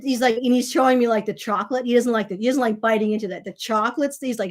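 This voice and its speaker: A woman's voice: fairly high pitch, quick pace. A woman talks casually to her audience in a slightly raised voice. She rambles through food stories full of fillers and restarts, and plays out the voices of the people she quotes. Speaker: channel host. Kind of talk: casual monologue to viewers.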